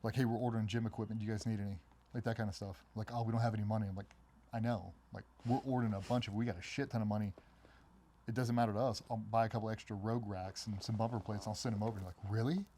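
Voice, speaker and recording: A middle-aged man, a former special operations member, telling stories in a casual interview and acting out other people's voices in a much higher pitch. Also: a little hiss or hum. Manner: fast, animated storytelling, acts out quoted voices much higher. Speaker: guest, former Navy SEAL.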